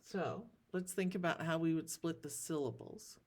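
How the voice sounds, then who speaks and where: A woman teacher giving a recorded lesson, sounding out words slowly and carefully. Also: low voice. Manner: slow, drawn-out word sounding.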